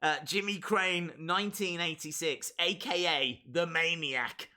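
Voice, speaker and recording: A man's voice: on the high side, unhurried, bright, forceful tone. A man hosting a casual live stream, chatting and reading viewer comments aloud with lots of repeated phrases.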